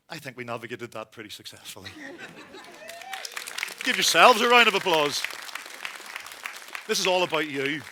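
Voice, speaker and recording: A man from Northern Ireland performing a one-man stage monologue, telling a wry comic story that builds into panicked shouts. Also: a little high, a little hiss or hum. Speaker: solo theatre performer. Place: theatre stage.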